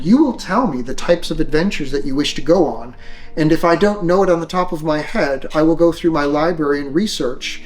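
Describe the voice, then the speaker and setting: Tabletop role-play: a man doing a cold, condescending vampire lady of a castle, slow and deliberate, voiced a little lower than his own tenor, with faint music under it. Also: natural voice. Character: arrogant ancient vampire noblewoman ruling a castle.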